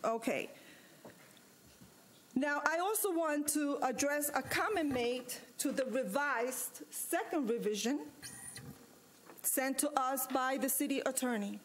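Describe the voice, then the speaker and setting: A woman serving as vice mayor, giving a firm, emphatic statement at a city commission meeting and repeating her points with pauses. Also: high-pitched, a little hiss or hum. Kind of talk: formal statement at a public meeting.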